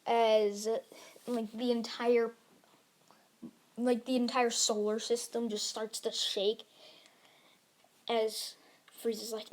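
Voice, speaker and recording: A woman's voice: a little high, level tone, slow pace, pauses often. A woman narrating an improvised fan-fiction story, rambling along with frequent restarts. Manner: rambling, with many restarts and fillers.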